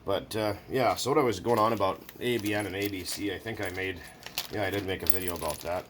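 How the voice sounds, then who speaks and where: A man's voice: low-pitched, fairly even intonation, fast talker, a bit bright, a little hiss or hum. A man chatting casually and jokingly while working at his bench, rambling and swearing now and then. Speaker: hobbyist video maker. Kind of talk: casual workshop chat.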